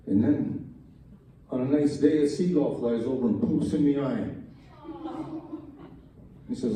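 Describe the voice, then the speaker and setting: A man's voice: medium pitch, unhurried, long pauses, warm tone, a little hiss or hum. A man telling a string of jokes at a talent show in a folksy storytelling way, giving the quoted lines small voice shifts. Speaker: joke teller at a college talent show. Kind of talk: stand-up joke telling. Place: event hall at a talent show. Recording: very echoey hall from far off. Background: faint room ambience, audience laughs.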